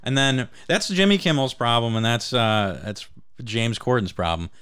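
A man's voice: mid-range voice, lively intonation, moderate pace, fairly bright tone, clear, resonant tone. A man co-hosting a podcast in casual, profane chat, blunt and swearing often. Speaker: podcast co-host.

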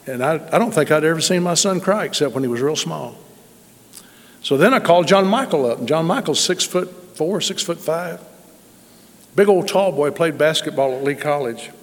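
Preacher, high voice, echoing hall. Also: male voice, animated, normal speed. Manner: folksy, emphatic testimony. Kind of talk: sermon storytelling. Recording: long reverb in a large hall.

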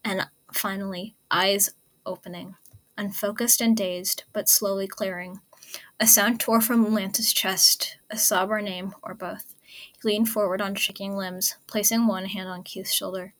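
A woman reading a story aloud in a soft, whispery, intimate voice. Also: mid-range voice, fairly even intonation, unhurried. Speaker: fan fiction reader. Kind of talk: hushed story narration.

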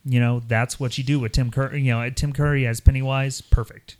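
A man co-hosting a podcast, talking in a rambling, animated way and putting on voices when he quotes people. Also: medium pitch, a little fast. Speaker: podcast co-host. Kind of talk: casual chat.

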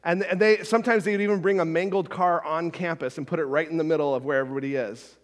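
Man, pastor, sermon, conversational, restarts and asides, slightly high voice, echoing hall. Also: fairly even intonation, fast.

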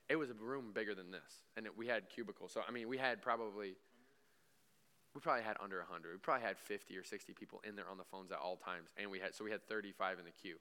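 A man's voice: on the low side, bright, forceful tone, smooth. A young man preaching in a church room, telling a story casually with many fillers and asking the room questions. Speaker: pastor. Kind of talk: conversational sermon.

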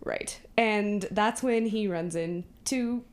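A woman's voice: medium pitch, takes it slowly. A woman co-hosting a podcast, retelling a movie plot in casual chat, acting out the characters' lines and laughing often. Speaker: podcast co-host.

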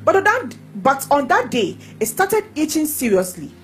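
Lively high-voiced woman reading testimonies. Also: normal speed, poor audio.

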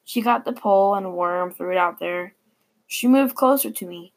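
A woman reading a personal story aloud in a plain, unhurried way with small stumbles. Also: medium pitch.

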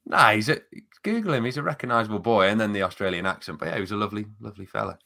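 A man's voice: fairly low pitch, animated, rapid-fire, vocal fry, sharp tone. A man co-hosting a casual football chat, telling stories and laughing often. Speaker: podcast co-host.

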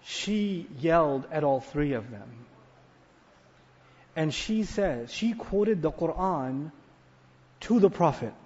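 A man's voice: fairly high pitch, lively intonation, slow, long pauses, darkish tone. A man giving a sermon-style talk who retells a story with animation, putting questions to his audience and answering them himself. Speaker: Islamic speaker. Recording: dull lecture hall recording with long reverb.

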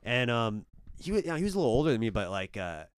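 A man's voice: mid-range voice, big pitch swings, fast talker, smooth, no room sound, clean studio sound. A man from Orange County, chatting casually as a podcast guest in a rambling, laid-back way full of "kinda" and "dude". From Orange County, California. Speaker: podcast guest, comedy show organizer. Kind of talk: casual chat.

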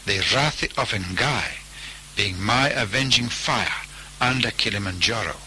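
A man's voice: on the low side, a little slow, sharp tone, a little hiss or hum, low-quality recording. A man voicing a vengeful, mighty male fire spirit that calls out insistently in a storybook tale. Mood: menacing.

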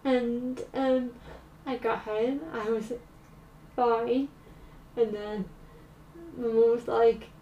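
A woman vlogger telling a personal story in a halting way, full of fillers. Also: fairly high pitch, flat delivery, dull audio, slight background noise. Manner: halting, slow, with many fillers. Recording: roomy, distant mic.

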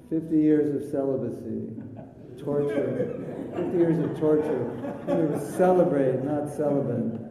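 A man as spiritual teacher giving a chatty sermon with jokes, in a live recording from an echoey hall with a faint rumble. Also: a little slow, crowd noise. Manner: chatty storytelling, jokey asides.

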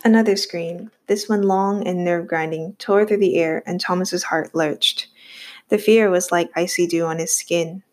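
A woman reading a novel aloud in a steady storytelling manner. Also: on the low side, normal speed. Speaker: audiobook reader.

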